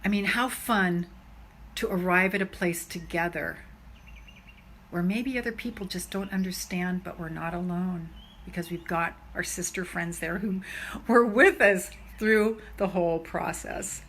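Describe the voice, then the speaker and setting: A woman coaching on self-love in an energetic, chatty motivational live stream, with many fillers. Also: lowish voice, unhurried, slight background noise.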